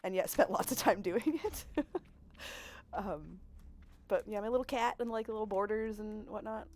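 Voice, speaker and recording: A woman's voice: medium pitch, normal speed, a little mellow. Young adult woman, game streamer; chatty, giggly, rambling, desk mic at home. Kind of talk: casual game-stream chat.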